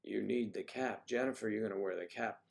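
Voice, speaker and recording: A livestream host with a lowish, creaky voice runs a casual morning livestream at a brisk pace. He chats playfully and reads out viewer comments.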